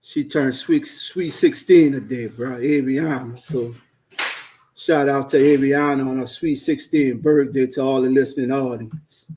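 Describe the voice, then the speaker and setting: A man's voice: mid-range voice, unhurried, rough recording. Easygoing middle-aged man, faint hiss. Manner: relaxed, easygoing talk with slang. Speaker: podcast co-host. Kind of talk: casual chat over a call.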